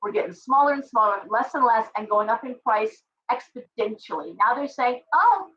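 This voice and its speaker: Middle-aged woman, tarot livestream host, chatty and ranty, fairly high voice, dull lo-fi sound from a distant mic. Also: fairly quick. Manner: chatty, ranting, animated asides. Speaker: tarot reader and live stream host. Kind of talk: casual livestream tarot reading.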